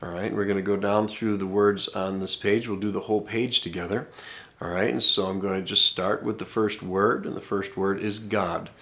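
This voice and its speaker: Middle-aged guy, kinda low voice, casual vocab lesson, lots of uh and you know. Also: sharp tone. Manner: repeats words slowly, many fillers. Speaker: language teacher.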